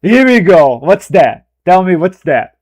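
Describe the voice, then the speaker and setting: A man's voice: high voice, big pitch swings, measured pace, a little mellow, no echo. A man chatting casually on a live stream while editing video, rambling and self-deprecating, often breaking into laughter.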